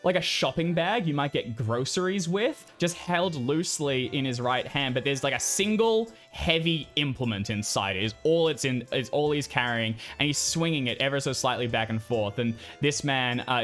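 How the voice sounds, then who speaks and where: A man's voice: medium pitch, a bit bright. Rambling game master man, faint music. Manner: loose, rambling narration with many fillers. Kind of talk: narrating a tabletop game.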